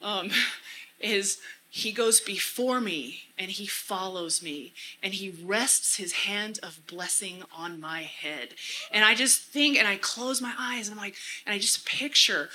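Earnest bright-voiced woman teaching. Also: medium pitch, slow pace, slight background noise, poor audio. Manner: earnest, repeats phrases for emphasis. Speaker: church speaker. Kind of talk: casual teaching talk.

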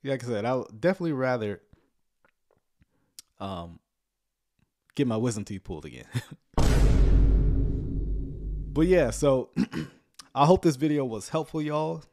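A man giving casual livestream commentary on a sermon, sarcastic and rambling, often chuckling and filling pauses with "um.". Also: medium pitch, lively intonation, darkish tone. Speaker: online commentator reacting to a sermon.

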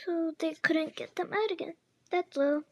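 A woman reading a storybook aloud in a halting way, with frequent restarts and slips. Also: extremely high pitch, no room sound. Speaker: storybook reader.

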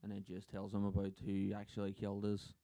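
Laid back young lad on a podcast, pretty flat delivery, low mellow voice. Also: male voice, a little fast, no echo. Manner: easygoing, agreeable, laughs along. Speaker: podcast co-host. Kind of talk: casual chat.

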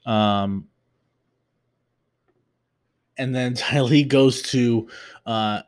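A man hosting a podcast, recapping an episode in a casual, halting way with lots of fillers and restarts. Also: medium pitch, clean tone. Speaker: podcast host.

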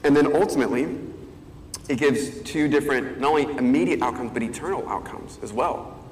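A man preaches a sermon in a relaxed, conversational way, often pausing to rephrase his thoughts. His voice carries a long, roomy echo from a large hall. Faint ambient noise hangs behind him. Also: medium pitch. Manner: conversational, thinking aloud with fillers and restarts. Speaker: pastor.

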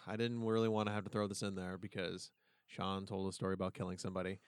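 A man's voice: deep voice, level tone, fast, clear, resonant tone, no room sound, studio quality. A man co-hosting a podcast, throwing in wry jokes in casual chat. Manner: joking, wry interjections. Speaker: podcast co-host.

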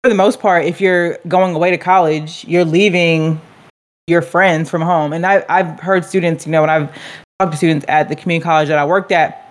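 A woman's voice: lowish voice, fairly even intonation, brisk. A young woman co-hosting a casual chat, rambling with frequent "like" and restarts. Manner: rambling, many fillers and restarts. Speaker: co-host.

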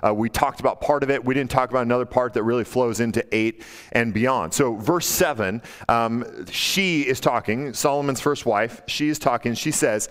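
A male pastor preaching a casual, animated sermon, acting out quotes in a playful, high teasing voice. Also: normal speed. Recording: long hall reverb.

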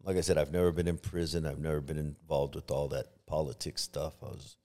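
A man's voice: extremely low pitch, flat delivery, a little fast, dark tone. A middle-aged man, a pastor, telling a personal story in a podcast interview, with many restarts, acting out what others said. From Los Angeles area. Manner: storytelling, acts out quoted voices, many restarts.

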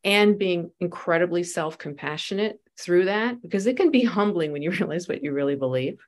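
Soft-voiced woman telling stories animatedly. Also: fairly low pitch, fairly quick. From United States. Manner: animated storyteller, acts out quoted voices. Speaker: guest, spiritual teacher and life coach. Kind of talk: conversational podcast interview.

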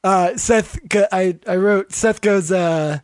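A podcast co-host with a mid-pitched voice, retelling favorite scenes with lively, profane enthusiasm. The delivery is casual and quick to joke. The recording is dry and close to the mic. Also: no room sound. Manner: animated, swears freely, retells scenes with relish. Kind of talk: casual chat, recapping a TV episode.

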